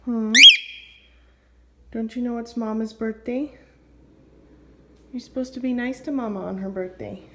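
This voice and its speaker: A woman at home talking to her pet bird, gently scolding and teasing it. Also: a little high, steady tone, measured pace, long pauses. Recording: loud background noise.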